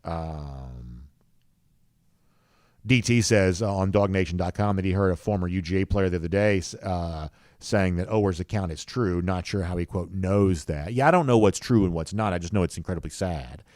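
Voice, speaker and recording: A man's voice: low voice, normal speed, a little mellow, no room sound, studio quality. A man hosts a live show, reading viewer comments in an easygoing, rambling way with many fillers. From rural US South. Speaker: podcast host.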